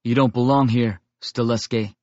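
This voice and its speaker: Give me a man playing a gruff, growling teenage gang leader in an audiobook. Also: mid-range voice, steady tone, moderate pace, dark tone, dry recording, highs cut off, close to an everyday voice. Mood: hostile. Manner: growling, commanding.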